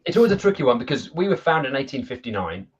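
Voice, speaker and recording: A man's voice: medium pitch, quick pace, muffled recording, a little hiss or hum. A man, a football coach, telling stories in a casual video chat. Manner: animated storyteller, laughs at his own anecdotes.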